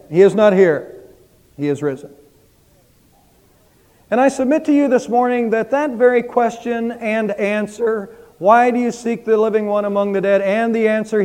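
A man's voice: high-pitched, darkish tone. A man preaching an Easter sermon as pastor, praying and then building to fervent emphasis in a church. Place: church sanctuary. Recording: long church hall reverb.

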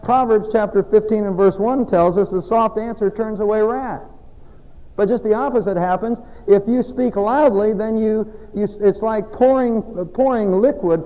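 A man preaching a sermon as a pastor, emphatic and folksy, with loud exhortation and quiet asides. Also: high-pitched, in a large hall, lo-fi sound. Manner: folksy, self-deprecating humor.

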